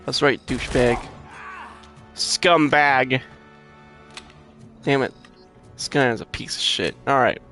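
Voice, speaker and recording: A man playing a video game and commenting, swearing at enemies, talking to his chat and bursting into loud shouts. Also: medium pitch, takes it slowly, pauses often, faint music behind. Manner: profane, trash-talks enemies, addresses chat. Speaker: gamer commenting on his own play. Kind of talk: let's-play commentary.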